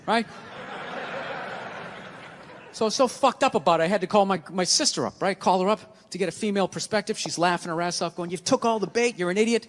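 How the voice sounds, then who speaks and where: A man's voice: sits high, a little fast, pauses often. A middle-aged man doing stand-up, telling a profane, self-mocking story in a ranting style. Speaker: stand-up comedian. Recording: long hall reverb, faint noise.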